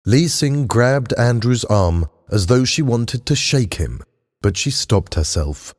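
A man narrating a story aloud in a steady, unhurried reading. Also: medium pitch. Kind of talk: audiobook narration. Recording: long hall reverb.

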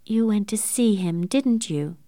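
A woman reading the part of a meddling, excitable middle-aged aunt, insistent and fussy. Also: measured pace, no room sound, clean studio sound, close to an everyday voice. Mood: knowing. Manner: insistent and fussy, rising shrill when upset. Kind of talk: audiobook character reading.

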